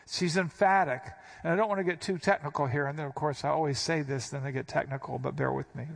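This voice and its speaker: A man's voice: on the high side, steady tone, fast, creaky. A man preaching an expository sermon, explaining a passage in a teacherly, emphatic way and punching out key words. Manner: emphatic, stresses quoted words with sudden rises. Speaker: pastor.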